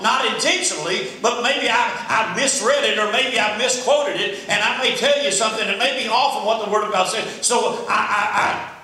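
Male pastor, folksy sermon that climbs to shouting, bright tense tone, faint room hum. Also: sits high. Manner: folksy, repetitive preaching that builds to shouting. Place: large echoey church sanctuary. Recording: echoey church from a distance.

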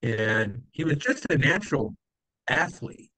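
A man's voice: medium pitch, sing-song, unhurried, bright, forceful tone, no room sound, low-quality recording. A man telling old stories as an interview guest, rambling with many fillers and acting out the people he quotes. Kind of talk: casual storytelling.

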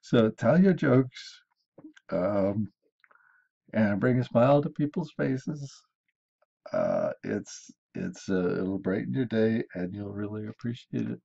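A husky, gravelly man talks slowly and chuckles at his own jokes, stumbling through fillers as he hosts a self-improvement video. The recording sounds dull and lo-fi. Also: lowish voice, dark tone. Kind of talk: casual talk to camera telling jokes.

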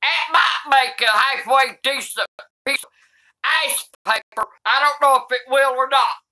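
Cranky foul-mouthed older grandma, slow and sharp. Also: female voice, high-pitched. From United States. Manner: cranky, swears constantly, shouts in outrage. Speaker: comedy YouTuber grandmother. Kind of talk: comedic reading aloud.

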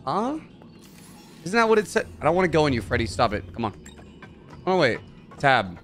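A man narrating a horror game let's-play, joking, swearing and yelling when startled. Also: fairly high pitch, very animated, moderate pace, faint music behind. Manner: jokey, swears, mutters, yells when startled. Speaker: gaming YouTuber.

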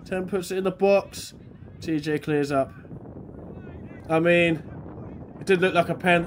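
A man from England, a bit under the weather, doing excitable live commentary on an amateur football match outdoors. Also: sits high, measured pace, pauses often, slight background noise. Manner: excitable, shouting at chances, then quiet and matter-of-fact. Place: outdoors at a grassroots pitch.

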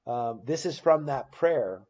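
A man's voice: medium pitch, animated, slow pace, darkish tone, lo-fi sound. A man teaching a church Bible class without a script, stopping to restart his phrases and reading scripture passages aloud with emphasis. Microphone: recording device on battery.

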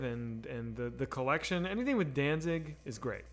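A man's voice: medium pitch, expressive, moderate pace. A man streaming a game and chatting casually with his viewers, talking in a profane, rambling and candid way. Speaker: streamer reading chat. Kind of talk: casual live-stream chat while gaming.

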